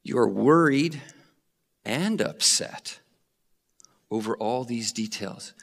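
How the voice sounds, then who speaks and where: A man voicing a gentle, patient male teacher, speaking softly, slowly and tenderly. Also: medium pitch, expressive, vocal fry, exaggerated voice. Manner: soft, slow and tender. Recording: long reverb of a hall.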